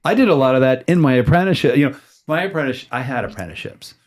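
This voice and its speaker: A man's voice: mid-range voice, lively intonation, very fast, darkish tone. An American man hosting a casual interview, talking in a loose, rambling way with many restarts and the odd curse word. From United States. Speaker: podcast host. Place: tattoo shop area in San Diego.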